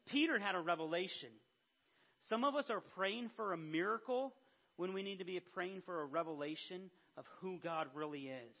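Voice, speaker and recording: A man's voice: sits high, gravelly, highs cut off. A man preaching a conversational sermon, acting out Bible figures in everyday speech.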